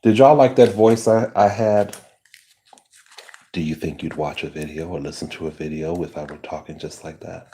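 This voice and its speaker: A man hosting a live stream, chatting casually and answering viewer comments as he eats, sometimes dropping to a low hushed voice. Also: normal speed, noisy background. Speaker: livestream host. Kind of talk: live chat while eating and chewing.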